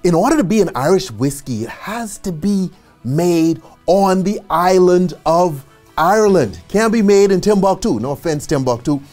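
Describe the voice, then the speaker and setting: A man giving an instructional bartending lesson, chatty and animated, who often checks in with a quick "okay?" and adds joking asides. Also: sits high, faint music behind. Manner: casual and chatty, with asides and small laughs.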